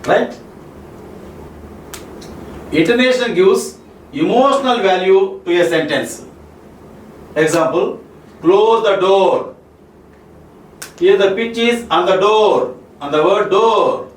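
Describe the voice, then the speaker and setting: A man with an Indian English accent giving a classroom lecture on spoken English, repeating each point and checking with "Okay?" and "Clear?". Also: sits high, animated, takes it slowly, pauses often. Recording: roomy echo, mic far off, faint ambience.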